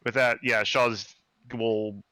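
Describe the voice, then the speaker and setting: A man's voice: fairly low pitch, fairly even intonation, slow pace, sharp tone, no room sound. A man playing a tabletop game, speaking tersely and dryly about his character's moves. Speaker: player.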